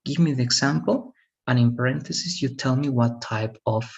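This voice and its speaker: A man's voice: medium pitch, normal speed, creaky, muffled recording. A man teaching a one-on-one English lesson online, patiently explaining grammar and repeating example sentences.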